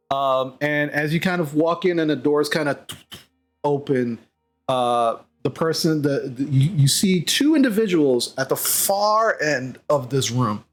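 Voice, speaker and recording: A man narrating as game master of a tabletop game, rambling with fillers and restarts. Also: a little high. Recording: slightly dull mic, faint music behind.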